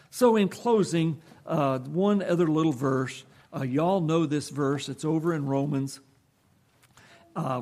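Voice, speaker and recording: A man's voice: a little high, a little mellow. A man preaching a folksy, conversational sermon to his congregation.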